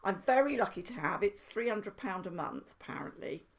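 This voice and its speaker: A woman's voice: medium pitch, animated, moderate pace, creaky. A middle-aged woman vlogging in casual chat to camera, chatty and self-mocking, laughing at herself often.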